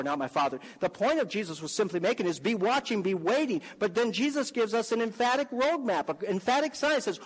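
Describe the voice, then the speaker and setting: A man preaching a sermon with a high, ringing voice that climbs into fervent, emphatic calls. His words trail off into a long reverberating space, as if spoken in a large sanctuary. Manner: emphatic, rising to fervent exhortation.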